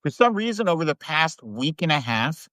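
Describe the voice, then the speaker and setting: A man's voice: on the high side, sing-song, normal speed, sharp tone, dry recording, poor audio. A man talking on a live video stream in casual political chat, upbeat and emphatic, laughing often.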